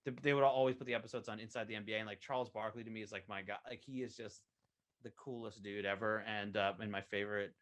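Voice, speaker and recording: A man chatting as a podcast guest about his animated show, rambling with lots of fillers and restarts. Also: lowish voice, fast talker. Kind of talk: casual podcast chat.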